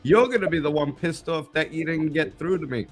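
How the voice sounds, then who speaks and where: A man hosting a loose live hangout, his voice sitting a little high for a man. He swears freely and tells his stories in a blunt, animated, no-nonsense way. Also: a little fast, soft background music. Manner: profane, blunt, animated storytelling. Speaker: host. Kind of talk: casual live chat.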